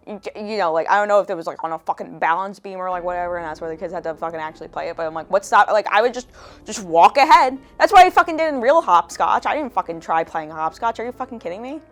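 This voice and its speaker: A woman's voice: on the low side, expressive, quick pace, soft background music. A young woman giving a casual commentary rant as a video essayist, profane, sarcastic and exasperated.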